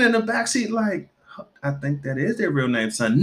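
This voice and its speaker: A man chatting casually, telling animated stories about his son with frequent laughter and profanity. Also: fairly high pitch, moderate pace. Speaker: parent. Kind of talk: casual chat.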